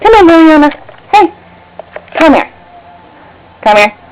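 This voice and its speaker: A woman's voice: very high voice, big pitch swings, measured pace, dull audio. A mother talking to her baby in a home video, coaxing in sing-song baby talk with gasps. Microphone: home video camera.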